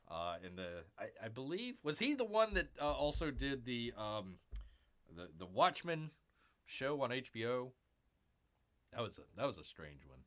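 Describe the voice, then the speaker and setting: A man's voice: mid-range voice, fairly bright tone. A man hosting a casual pop-culture news livestream, rambling with lots of fillers and throwing in sarcastic asides. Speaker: host.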